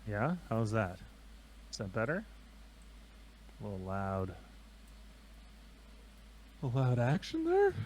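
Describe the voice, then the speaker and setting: A man's voice: fairly low pitch, wildly swooping pitch, slow, long pauses, darkish tone, a little hiss or hum. A man cohosting a live stream, playful and chatty while sorting out his audio. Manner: playful, chatty, sings snippets. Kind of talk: casual chat on a live stream.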